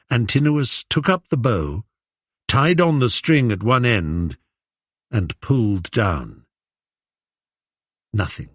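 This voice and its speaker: A man with an English accent narrating a story, expressive and animated in his pitch. His pace is slow and his voice slightly husky. The recording is dry and a touch dull. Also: dry recording. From England. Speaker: audiobook narrator. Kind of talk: scripted narration.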